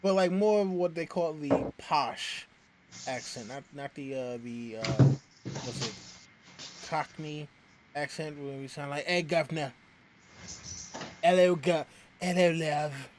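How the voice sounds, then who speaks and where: A man hosting a casual chat, rambling and animated, with many restarts. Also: fairly high pitch, measured pace, slight background noise. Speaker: show host.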